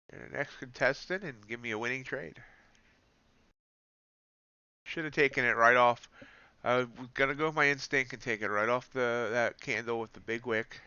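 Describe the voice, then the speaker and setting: A man's voice: medium pitch, sharp tone, clean tone, no room sound, lo-fi sound. A man giving live commentary on his futures trades, thinking aloud and often correcting himself mid-sentence.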